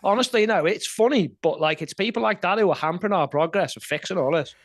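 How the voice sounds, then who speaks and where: A man co-hosting a casual chat, animated and jokey, laughing often. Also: sits high, fast. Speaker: podcast co-host.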